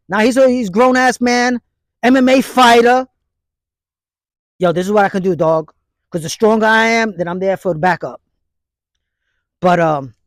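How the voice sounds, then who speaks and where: A man's voice: high voice, dry recording, studio quality. A man in his fifties with a New York accent, talking bluntly outdoors in the snow into a phone held by someone else. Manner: blunt, street-slang preachy talk. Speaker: martial arts instructor. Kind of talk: casual outdoor monologue. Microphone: phone held by another person.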